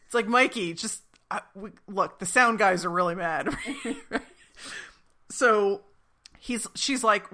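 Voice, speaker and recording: Bright, chatty woman recapping a show. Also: mid-range voice, moderate pace. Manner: chatty, retells scenes in playful quoted voices. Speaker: podcast co-host recapping a TV episode. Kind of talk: casual recap chat.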